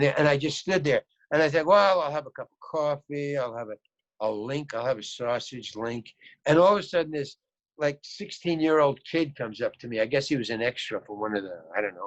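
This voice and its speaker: A guest actor tells an anecdote in a medium-pitched, fairly quick voice over lo-fi audio. He's animated, acting out what people said and often repeating his own words.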